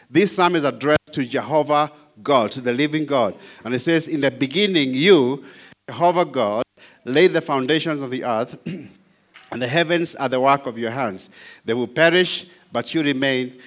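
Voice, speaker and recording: A man's voice: mid-range voice, fairly bright tone. A man teaching apologetics, reading scripture verses aloud and stressing key words with emphasis. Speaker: Bible teacher.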